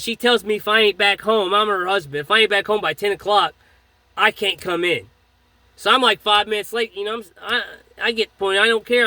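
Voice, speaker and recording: A man with a high, pushed, bright voice and no echo tells an earnest, rambling story about his faith as casual spoken testimony. Recounting this personal experience, he fills his speech with fillers and restarts.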